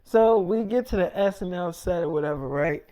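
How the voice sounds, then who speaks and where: A man's voice: high voice, moderate pace, warm tone, clear, resonant tone. A man telling a long made-up story in a casual, rambling way. He swears a lot and keeps saying "I'm like".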